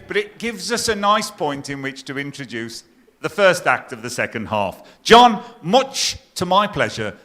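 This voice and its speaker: A middle-aged man comparing a stage competition, telling jokes with deadpan punchlines and teasing the live audience. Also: fairly high pitch. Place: stage in a pier theatre before a live audience.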